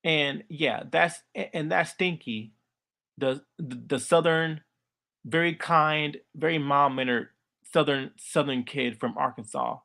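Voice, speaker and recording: A young man giving casual cartoon commentary, halting and heavily repetitive as he talks. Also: a little high, creaky, pushed and bright. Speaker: video commentator.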